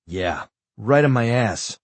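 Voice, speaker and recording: A man's voice: medium pitch, animated, slow pace, no echo. A man voicing a stubborn, sarcastic injured man pushing to get out of bed, in an audiobook. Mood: impatient. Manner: insistent, sarcastic. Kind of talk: audiobook character voice.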